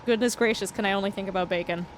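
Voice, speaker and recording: A woman's voice: medium pitch, fairly even intonation, rapid-fire, slight background noise. A woman streaming a farming game, chatting casually and reading chat aloud. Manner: chatty, reads chat aloud, laughs often. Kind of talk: casual livestream chat while gaming.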